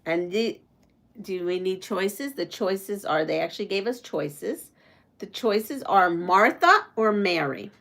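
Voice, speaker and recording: Slow-talking woman sewing on a live stream. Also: medium pitch, expressive, gravelly, fairly bright tone. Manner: slow, thinking aloud while sewing, reading trivia questions. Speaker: quilting channel host.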